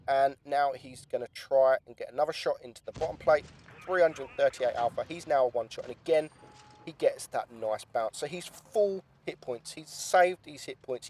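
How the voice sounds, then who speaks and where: A young gaming YouTuber with a medium-pitched voice gives lively, chatty play-by-play on a game replay, swearing casually now and then.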